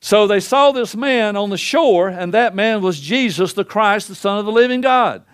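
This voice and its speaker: An older man preaching a sermon in a folksy, storytelling way, acting out the quotes he tells with wide swings in pitch and loudness. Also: animated, moderate pace, clear, resonant tone.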